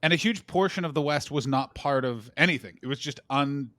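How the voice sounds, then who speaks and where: A man co-hosting a comedy podcast, telling rambling, animated stories full of swearing and quoted voices. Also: medium pitch, fairly quick, no echo. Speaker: podcast co-host. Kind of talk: casual comedic chat.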